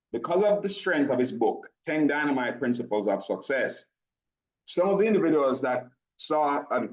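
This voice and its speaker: Excited man with Jamaican-American accent. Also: medium pitch. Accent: mixed Jamaican and American. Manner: excited and fast, breaks into laughter, addresses audience directly. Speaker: presenter at a business launch event. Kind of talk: energetic promotional pitch. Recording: dull lo-fi audio.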